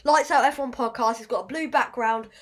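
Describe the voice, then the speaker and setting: A woman's voice: fairly high pitch, a little fast. A woman hosting a casual podcast, rambling and fumbling over her words with self-deprecating asides. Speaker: podcast host.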